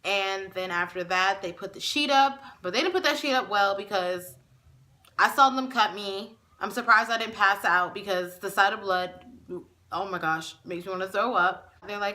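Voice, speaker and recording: A young woman vlogger telling a personal story to camera in a chatty way, often pausing on fillers and close to tears. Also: mid-range voice, pushed and bright. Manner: chatty, with many fillers and restarts; emotional, near tears.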